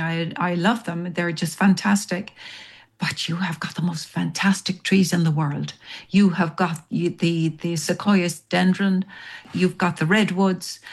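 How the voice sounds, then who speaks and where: An Irish woman being interviewed as a guest, telling long stories in a rambling, animated way. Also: lowish voice. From Ireland. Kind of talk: storytelling interview.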